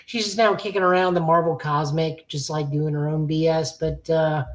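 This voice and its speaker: A woman's voice: sits low, steady tone, moderate pace, poor audio. A woman co-hosting a podcast, giving opinionated casual takes with lots of fillers. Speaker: podcast co-host. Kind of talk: casual chat reviewing comics.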